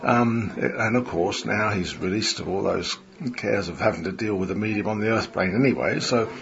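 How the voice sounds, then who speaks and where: A man's voice: on the low side, moderate pace, vocal fry, fairly bright tone. An older man, a medium reflecting in an interview, chatty and rambling with many fillers. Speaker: spiritualist medium interviewed after a seance. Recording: dull recording with a crowd behind.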